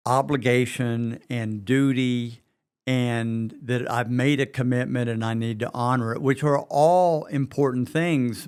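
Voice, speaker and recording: A man's voice: medium pitch, clean tone. A middle-aged man with a West Virginia Southern accent, co-hosting a leadership podcast in an earnest, conversational way. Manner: slow, earnest, repeats words while reasoning.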